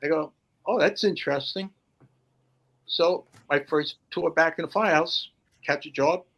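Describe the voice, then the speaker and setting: A man's voice: fairly high pitch, measured pace, a bit bright. A man telling a firehouse story in casual podcast chat, acting out the voices of the people he quotes. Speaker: podcast guest, firefighter.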